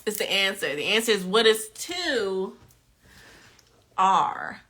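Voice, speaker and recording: Slow-talking, bright-voiced woman tutor. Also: medium pitch, big pitch swings. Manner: playful, chatty, laughs often, reads questions aloud. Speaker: nursing exam tutor hosting a live quiz game. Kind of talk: casual live-stream quiz teaching.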